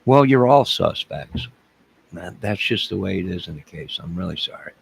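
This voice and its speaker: A man hosting a rambling, joking livestream, answering his chat by name, swinging from loud outbursts to low mutters. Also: expressive, moderate pace, gravelly, husky, low-quality recording. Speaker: livestream crime-case commentator.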